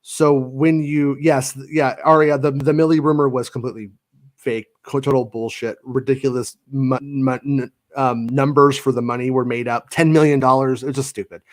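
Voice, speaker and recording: Animated man talking fast in bursts. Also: mid-range voice. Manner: animated, quick bursts with many restarts. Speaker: podcast co-host. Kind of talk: casual chat.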